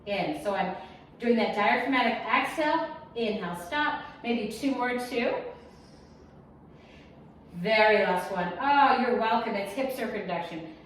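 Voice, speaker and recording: A woman's voice: a little high, expressive, a little slow, long pauses, a bit bright, slight background noise. A woman teaching a Pilates class, cueing breaths and counts in a chatty, encouraging way with small jokes. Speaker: Pilates instructor. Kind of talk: guided exercise class cueing. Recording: echoey room, mic some distance off.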